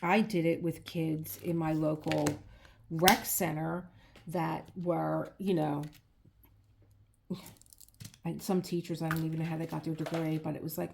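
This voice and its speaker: A woman's voice: low-pitched, fairly even intonation, unhurried, vocal fry, pauses often, very noisy. A middle-aged woman chatting casually and heartfelt while crafting, rambling with many restarts. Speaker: crafting vlogger.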